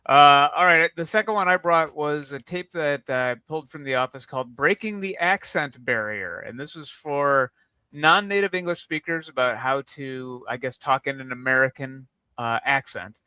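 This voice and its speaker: A man's voice: fairly high pitch, moderate pace, pushed and bright, clean tone, no room sound. A man co-hosting a chat show, talking casually as he introduces a video clip. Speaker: co-host.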